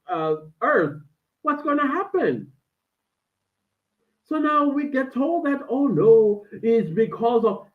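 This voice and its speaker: A woman with a South African accent hosts a casual live stream, talking animatedly to her viewers and reading out chat comments from indoors. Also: mid-range voice. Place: friend's indoor den at home. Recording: tinny, phone-like stream audio.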